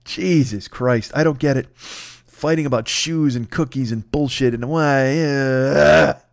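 A man's voice: medium pitch, unhurried, no room sound, studio quality. A middle-aged man hosting a podcast, ranting in a profane, exasperated comedic way. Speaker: podcast host. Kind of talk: comedic rant.

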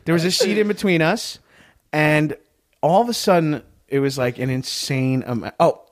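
A man's voice: a little high, moderate pace. A man co-hosting a casual comedy talk, telling a rambling story full of fillers and laughs. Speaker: podcast co-host.

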